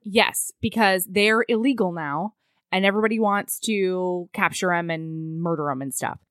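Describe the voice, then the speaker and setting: A woman's voice: fairly low pitch, moderate pace, a bit bright, clear, resonant tone, no room sound, clean studio sound. A woman co-hosting a podcast, casually recapping a story and acting out the characters' lines. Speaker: podcast co-host recapping a book. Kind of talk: casual chat.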